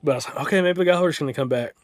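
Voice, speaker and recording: A young man with a Southern US accent, co-hosting a casual chat and telling a hunting story in an animated way, full of "like" and restarts. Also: fairly high pitch, very fast. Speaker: podcast co-host.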